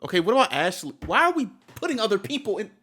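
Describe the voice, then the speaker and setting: A man's voice: high voice, very animated, fast, sharp tone, husky. A man giving heated reaction commentary on a video, blunt and slangy, swearing and repeating himself.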